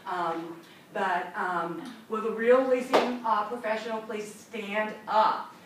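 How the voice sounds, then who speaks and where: A woman's voice: medium pitch, steady tone, takes it slowly. A woman trainer leading a classroom training session, upbeat and chatty, acting out little scenes. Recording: echoey room from far off, noisy.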